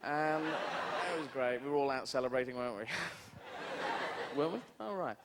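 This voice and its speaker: A man's voice: mid-range voice, measured pace. A man doing a surreal stand-up routine, rambling through absurd asides with lots of "you know". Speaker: stand-up comedian. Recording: noisy old TV broadcast, live audience.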